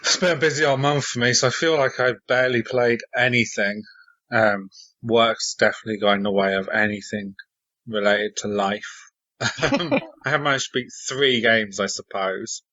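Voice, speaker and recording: A man chatting casually as a podcast panelist in a relaxed, wry, measured way. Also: mid-range voice, dry recording. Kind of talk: casual chat. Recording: slightly muffled lo-fi audio.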